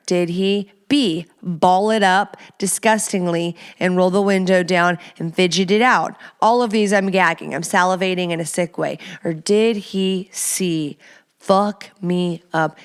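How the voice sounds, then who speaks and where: A woman in her thirties hosting a podcast, ranting in an animated, profane, exaggerated tone of disgust. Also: medium pitch. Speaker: podcast host. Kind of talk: casual comedic rant.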